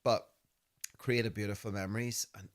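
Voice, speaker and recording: A man in his fifties with a Belfast accent, co-hosting a podcast and telling animated, laughing stories that act out voices. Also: fairly low pitch, moderate pace. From Northern Ireland. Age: 50s. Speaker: podcast host. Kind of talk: casual storytelling chat.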